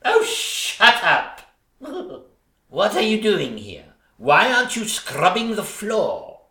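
A catty, boastful ugly stepsister, as a man plays her in a stage pantomime, her voice swooping wildly from shrieks to low mutters. She drawls her jibes slowly and camply. The sound rings around an echoey stage. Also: huge pitch swings, vocal fry, pushed and bright, exaggerated voice. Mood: bossy. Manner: camp, shrieking, teasing sing-song delivery.

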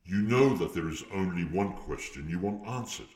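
A man's voice: low-pitched, expressive, moderate pace, darkish tone, reverberant. A man voicing a dry, aloof and weary magic mirror spirit.

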